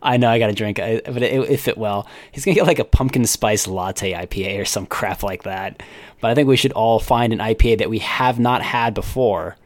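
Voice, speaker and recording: Lower-voiced rambling podcast guy. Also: a little fast, dry recording. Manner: rambling, loses his train of thought. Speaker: podcast co-host. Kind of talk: casual chat.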